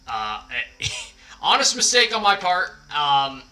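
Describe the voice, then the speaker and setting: Slow-talking man with a bright voice over music. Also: high-pitched, big pitch swings, rough recording. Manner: rambling, apologetic, self-deprecating. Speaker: livestream host. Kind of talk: casual livestream chat. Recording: background music under the voice. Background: quiet background music.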